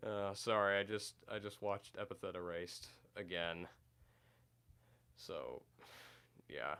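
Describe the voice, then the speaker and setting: A man with a deep, bright, forceful voice hosts a casual live stream and reads chat, speaking slowly with frequent pauses in a clean tone. He's recovering from being sick, and his talk is rambling and hesitant, packed with fillers.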